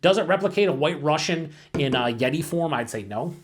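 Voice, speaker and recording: A man's voice: on the high side, expressive, fairly quick, slight background noise. A man casually reviewing a beer on his own channel, rambling with lots of fillers, swearing freely and mocking himself in asides.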